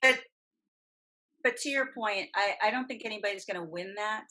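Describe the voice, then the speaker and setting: On a relaxed podcast, a middle-aged guest who works as a voice actress and coach speaks at normal speed in a medium-pitched voice. Her delivery is lively and forceful, and she goes on at length over a rough recording.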